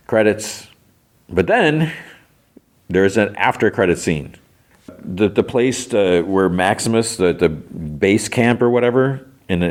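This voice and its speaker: Podcast host, man, very low voice, loose rambling recap, lots of fillers. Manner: rambling, hesitant, lots of "like" and "you know". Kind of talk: casual episode recap.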